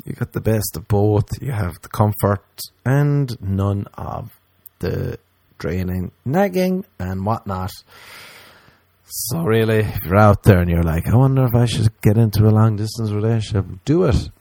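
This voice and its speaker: A young man delivers a stand-up set in a deadpan, storytelling way, slipping into the voices of the people in his tales. His voice sits low with a gravelly edge and a dark, mellow tone. The sound is dry and close. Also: a little slow, dry recording. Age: young adult. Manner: deadpan storytelling, acting out both sides of chats. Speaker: stand-up comedian.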